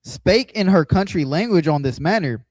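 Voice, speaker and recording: A man with a slightly high voice reads archaic scripture at a steady, measured pace. His voice is dry and close, with no room around it. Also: no room sound. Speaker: scripture reader. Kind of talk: reading scripture aloud.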